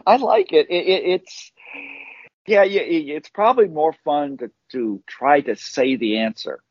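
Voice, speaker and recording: Guy co-hosting a podcast, chatty and rambly, bit husky, dry dull sound. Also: unhurried, dry recording. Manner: chatty, rambling, lively pitch swings. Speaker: podcast co-host. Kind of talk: casual chat.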